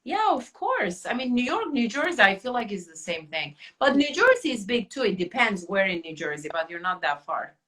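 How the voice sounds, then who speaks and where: A woman's voice: medium pitch, very animated, moderate pace, hardly any pauses, fairly bright tone. A woman hosting a podcast in casual chat, talking loosely with many fillers and restarts. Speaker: podcast host.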